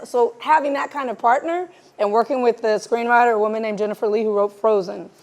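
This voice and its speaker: In front of a live audience, a woman director talks casually onstage as an interview guest, bringing her anecdotes to life by acting out the dialogue. She speaks briskly in a slightly high voice.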